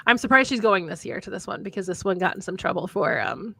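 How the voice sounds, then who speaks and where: A woman's voice: mid-range voice, expressive, fast talker, vocal fry, pushed and bright, husky, no echo. A young woman from Minnesota chatting on a livestream, rambling through fun facts. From Minnesota, USA. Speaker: livestream co-host, author. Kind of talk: casual chat.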